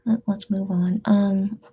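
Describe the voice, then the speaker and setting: A tearful woman hosting a casual livestream, reading out chat messages in a subdued, hesitant way with many pauses and fillers. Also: medium pitch, mellow, husky.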